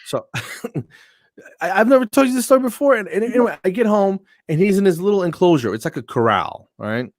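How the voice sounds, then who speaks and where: A man's voice: high-pitched, brisk, dry recording, clean studio sound. A man from New Jersey, a comedian guest, telling funny stories in casual chat and acting out what people said. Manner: animated anecdotes with acted-out quotes.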